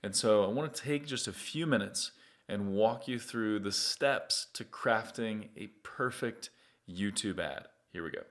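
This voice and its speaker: A man's voice: on the low side, a little slow, fairly bright tone. A middle-aged man hosting a marketing tutorial, speaking to the viewer in an upbeat, conversational way. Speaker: marketing agency host.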